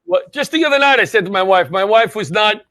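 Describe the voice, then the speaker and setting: A man's voice: high voice, lively intonation, quick pace, pushed and bright, dry recording. A man hosting a talk show, bantering chummily with guests in casual interview chat.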